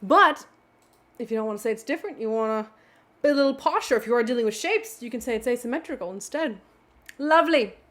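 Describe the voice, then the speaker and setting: A woman hosting a casual vocabulary video, explaining words in a playful, animated way with little exclamations. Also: a little high, quick pace. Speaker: vocabulary channel host.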